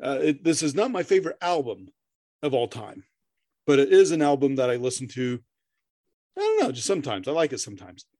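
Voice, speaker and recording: A man's voice: medium pitch, wildly swooping pitch, brisk, a little mellow, no room sound, studio quality. A middle-aged man co-hosting a podcast in casual chat, rambling, swearing freely, laughing often and stammering through restarts. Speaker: podcast co-host.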